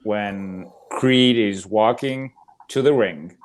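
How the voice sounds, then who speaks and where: A man's voice: lowish voice, slow. A man co-hosting a casual podcast chat, reacting eagerly to the others. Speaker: podcast co-host.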